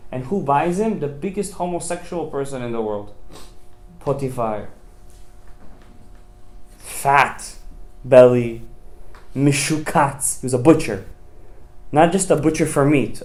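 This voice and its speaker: A man's voice: medium pitch, normal speed, a little mellow. A man, a rabbi, giving a passionate sermon with dramatic, emphatic storytelling. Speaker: rabbi teaching a Torah class.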